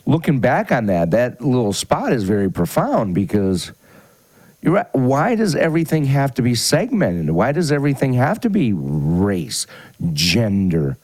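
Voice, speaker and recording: A man's voice: medium pitch, wildly swooping pitch, normal speed, darkish tone, no echo. A male podcast co-host in casual political chat, telling stories animatedly and agreeing often.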